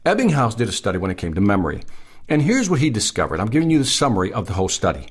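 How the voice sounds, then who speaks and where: A man's voice: lowish voice, wildly swooping pitch, rapid-fire, breathy edge. A man hosting a sales advice podcast, speaking emphatically and repeating his key points. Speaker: podcast host.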